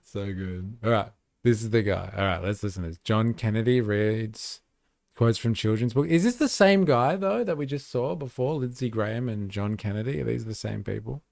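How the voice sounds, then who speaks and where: A man's voice: lowish voice, normal speed, creaky, a little mellow, no room sound, clean studio sound. A man hosting a livestream, casually commenting on news clips with sarcastic, profane reactions. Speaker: livestream host.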